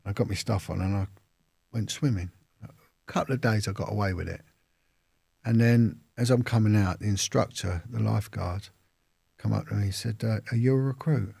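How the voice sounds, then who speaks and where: Brief: London man, low gravelly voice, husky, rambling storyteller. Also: normal speed, pauses often, a little mellow, dry recording, studio quality. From London, England. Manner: rambling, with restarts and acted-out quotes. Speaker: interview guest. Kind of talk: casual storytelling.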